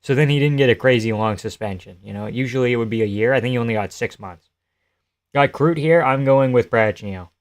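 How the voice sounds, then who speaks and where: A male live streamer talks through a fight card in an easy, casual way. He cracks jokes, swears freely and keeps turning to answer his chat between the fights. His voice sits at an ordinary middle pitch. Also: fairly quick.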